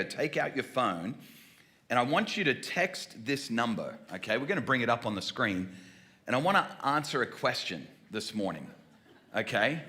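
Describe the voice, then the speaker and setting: A man in his forties with a mixed Australian and American accent, opening a church sermon with jokes and banter aimed at the congregation. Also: mid-range voice. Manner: energetic, joking, talks directly to the room. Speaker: guest preacher. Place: church service before a congregation.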